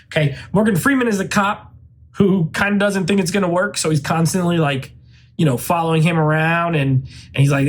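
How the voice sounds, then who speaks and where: A man with a notably high-pitched speaking voice talks through a film review in an easygoing, unscripted way. He rambles, restarts sentences and leans on fillers like "like" and "you know.". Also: steady tone, normal speed, slight background noise. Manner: rambling, loose, heavy on "like" and "uh" fillers. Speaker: movie reviewer, channel host. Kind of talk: casual spoken film review.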